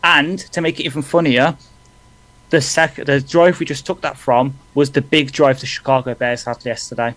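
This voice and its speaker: A man's voice: mid-range voice, steady tone, fairly bright tone, low-quality recording. Man rattling off football stats. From England. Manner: quick, reads stats off in bursts. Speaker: podcast co-host. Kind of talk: casual live sports chat.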